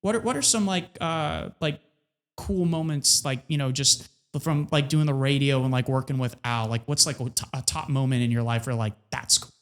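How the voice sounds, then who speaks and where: A man hosting a podcast talks in a loose, rambling way and fills his sentences with "like." When he tells a story and quotes someone, his voice jumps up high. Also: normal speed, fairly bright tone. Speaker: podcast host. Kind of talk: casual conversation.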